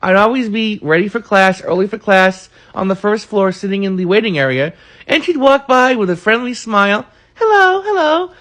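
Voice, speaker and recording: A man's voice: sits high, moderate pace, a bit bright. A man, earnestly recalling college days in a rambling monologue full of fillers. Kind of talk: casual reminiscing monologue.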